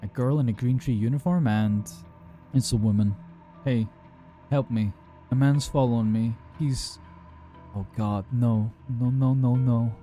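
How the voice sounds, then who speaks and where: A man's voice: mid-range voice, normal speed, mellow, soft background music, natural voice. A man voicing a frightened young woman who talks to an emergency line in panicked, broken phrases while fleeing someone, read out for a horror story. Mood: terrified.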